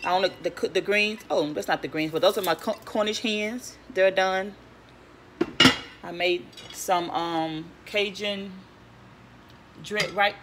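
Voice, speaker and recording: A woman talks through a recipe in her home kitchen, rambling and restarting her sentences in a casual vlog. Her voice sits a little low. Pans, dishes and cutlery clink clearly behind her. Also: very noisy. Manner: chatty, rambling, stutters and restarts. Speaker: home cook vlogger. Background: clinking pots, pans and cutlery.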